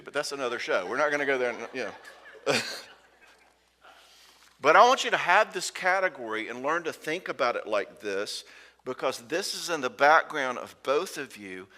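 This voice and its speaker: A man speaks to a room of couples in a folksy, joking way and acts out spouses' lines as he goes. His voice is bright and forceful. It rings out with the long reverb of a church hall. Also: medium pitch. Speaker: conference speaker. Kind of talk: conference talk to couples.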